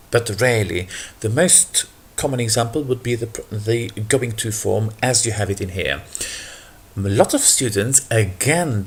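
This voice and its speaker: A man's voice: medium pitch, gravelly, darkish tone, breathy edge. A man explaining English grammar in an unscripted lesson, patient and full of ums, switching to a livelier voice for example sentences. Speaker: English teacher.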